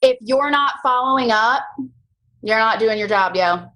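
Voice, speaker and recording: A young woman talks her team through a casual motivational call, with a slightly higher voice. She is chatty and animated, drops slang and jumps into mock voices as she goes. She sounds like she is speaking over a video call. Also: unhurried, poor audio. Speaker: team leader on a coaching call.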